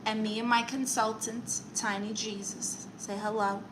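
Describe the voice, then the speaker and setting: A woman's voice: a little high, flat delivery, measured pace, background noise. A woman hosting a comedic live stream, chatting with viewers and reading their comments aloud in a playful, mock-serious way. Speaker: comedic livestream host.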